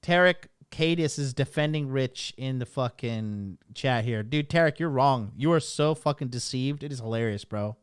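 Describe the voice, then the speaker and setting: A man's voice: medium pitch, normal speed, hardly any pauses, clear, resonant tone, no room sound, clean studio sound. A man running a casual livestream as a dating coach, talking in a rambling, blunt, profane way.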